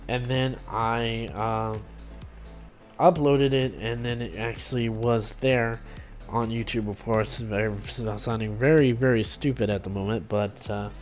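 A man's voice: medium pitch, steady tone, a little slow. Rambling man vlogging, faint music behind. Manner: rambling, loose, with many fillers and restarts. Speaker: gaming YouTuber and streamer. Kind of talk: casual vlog talk to camera.

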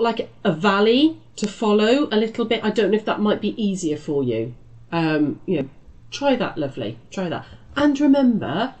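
A woman's voice: mid-range voice, a little mellow. Chatty British woman teaching quilting. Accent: British English. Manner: chatty and reassuring, calls viewers lovely and love. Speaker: quilting shop host. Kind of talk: live quilting tutorial chat.

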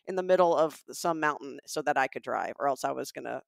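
A middle-aged woman from Alabama with a Southern accent, co-hosting a podcast and telling an animated story. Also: rumbling low, quick pace, gravelly, no echo, studio quality. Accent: Southern American. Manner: animated storyteller acting out quotes. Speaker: podcast co-host. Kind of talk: casual storytelling chat.

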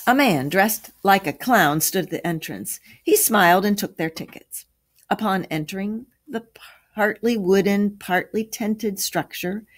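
A woman reading a children's science story aloud, giving the characters expressive, lively voices. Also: lowish voice.

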